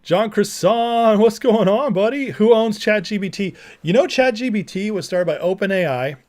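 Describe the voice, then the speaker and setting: A man's voice: high voice, lively intonation, normal speed, a little mellow. A man hosting a livestream, talking casually, reading chat and mocking clips with frequent laughter. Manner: chatty, laughs often, mocking. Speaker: livestream host.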